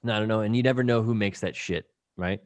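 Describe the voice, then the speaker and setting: A man's voice: fairly low pitch, fast talker, no echo. Man telling a wild story, dry sound. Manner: lively anecdote telling, acting out quoted people; frequent swearing. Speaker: podcast guest. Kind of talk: casual storytelling.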